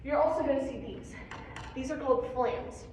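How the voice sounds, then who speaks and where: A young woman teaches a hands-on percussion lesson, patiently and encouragingly walking through each stroke. Her voice is high and darkish, at a normal speed, with a little hiss or hum. The room is echoey and the mic sits far away.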